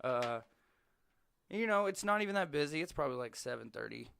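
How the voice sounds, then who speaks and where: Dude telling stories on a podcast, chill, lots of swearing, dry close mic. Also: male voice, a little high, lively intonation, brisk, gravelly, a bit bright, clear, resonant tone, no echo. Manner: laid-back, swears freely, acts out quotes. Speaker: podcast guest. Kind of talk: casual storytelling chat.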